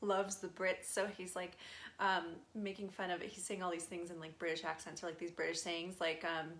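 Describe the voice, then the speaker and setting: A young woman medium talks through a live channeling session in a slightly low voice. Her speech is casual and rambling, dotted with fillers and small laughs as she passes along messages. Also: flat delivery, brisk, a bit bright. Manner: relays messages in a chatty, giggly way with many fillers. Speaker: spirit medium.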